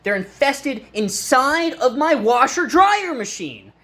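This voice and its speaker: A man's voice: very high-pitched, sing-song, slow, pushed and bright. A man from the United States talking in a rambling home vlog, urgent and emphatic, repeating himself and stumbling through restarts. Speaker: home vlogger. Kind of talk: rambling self-filmed vlog. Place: inside his own home.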